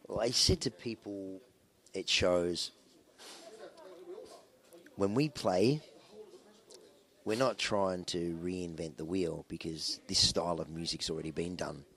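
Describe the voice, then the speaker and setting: Male rock musician, very low voice, loose anecdotal interview talk full of fillers. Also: takes it slowly, pauses often, a bit bright. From Australia. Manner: rambling, anecdotal, with many fillers and restarts. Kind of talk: casual interview storytelling.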